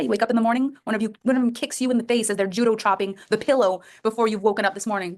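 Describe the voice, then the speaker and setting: A woman coaching members of her program on a group call, talking in a lively, playful way and acting out little scenes. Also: fairly high pitch, racing, few pauses. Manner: lively, playful, acts out voices. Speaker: coach leading a women's program.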